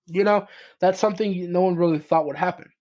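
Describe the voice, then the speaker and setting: Young male podcast co-host, slightly higher voice, loose rambling delivery packed with "um"s and "right?"s. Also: moderate pace, a little mellow, muffled recording. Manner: rambling, many fillers and restarts, swears casually. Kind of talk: casual chat.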